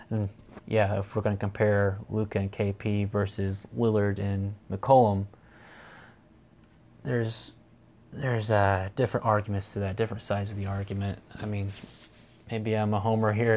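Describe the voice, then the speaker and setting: A man's voice: on the low side, darkish tone, dull audio. A man hosting a solo sports podcast, talking casually and rambling, with dry sarcasm. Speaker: podcast host.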